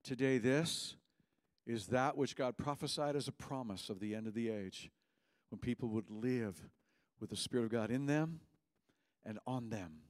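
A man preaching a sermon as pastor in a church, impassioned, swinging between loud cries and hushed words. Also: mid-range voice, normal speed, dry recording, studio quality.

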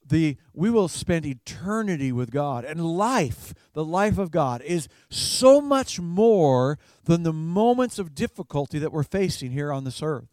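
A man's voice: fairly high pitch, very animated, unhurried, few pauses, darkish tone, no echo, clean studio sound. A man preaching a sermon as a pastor in a conversational way, chuckling now and then and repeating words as he goes.

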